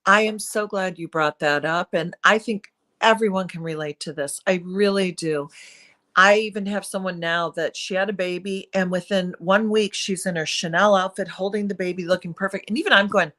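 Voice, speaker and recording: A woman's voice: mid-range voice, fairly even intonation, normal speed, a bit bright. A middle-aged woman speaking as an interview guest, earnest and confessional, with emphatic pleading moments. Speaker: guest, perinatal mood disorder speaker. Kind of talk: candid interview conversation.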